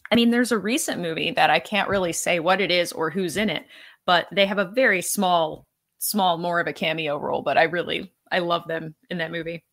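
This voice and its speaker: A woman's voice: lowish voice, fairly quick, fairly bright tone. A woman co-hosting a podcast, chatting in a playful, easygoing way. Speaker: co-host. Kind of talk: casual chat.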